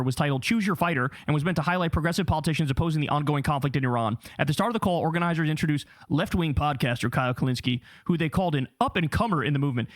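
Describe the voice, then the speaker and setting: A man in his thirties streaming, reading an article aloud and reacting with profane, animated swagger. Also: fairly high pitch. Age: 30s.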